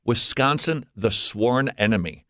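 A man from Minnesota, a guest on a ministry program, quick-witted and joking, then earnest when he explains his views. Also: medium pitch, lively intonation, fairly bright tone, no echo, clean studio sound. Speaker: guest, Christian radio host. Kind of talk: conversational interview.

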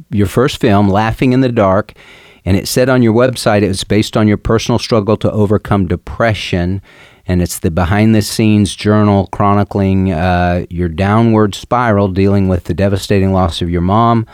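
Brief: male interview host, very low voice, dry close-mic sound, encouraging. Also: a little mellow, no echo. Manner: affirming, asks long detailed questions. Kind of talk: conversational interview.

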